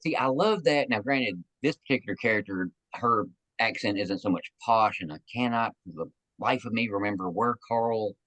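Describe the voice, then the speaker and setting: A man hosting a casual interview podcast, enthusiastic and animated as he asks questions. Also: fairly low pitch, normal speed, hardly any pauses, dry recording, poor audio. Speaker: podcast host.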